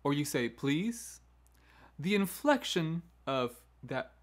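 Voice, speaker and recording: A man's voice: mid-range voice, lively intonation, moderate pace. A man hosting a choral education lesson, explaining classroom management in a conversational way and acting out firm teacher commands. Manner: demonstrates teacher commands in a firm, downward-inflected voice; conversational, with frequent "right?" asides and restarts. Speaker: choral music education host. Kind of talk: instructional talk on classroom management.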